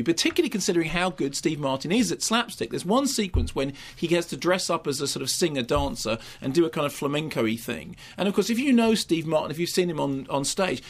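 A man reviewing a film on a radio show, talking fast and rambling with many restarts. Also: on the high side. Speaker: film critic.

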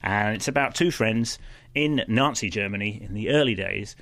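A man's voice: on the low side, normal speed, fairly bright tone, no room sound. A man reviewing films in casual radio chat, rambling and opinionated with many restarts. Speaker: film critic.

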